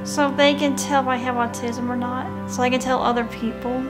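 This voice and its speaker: A young woman from Tennessee, USA, with a high, fairly flat voice, answers interview questions as a guest at normal speed, with loud music behind her. Chatting casually while baking, she gives earnest, short, simple replies with playful asides.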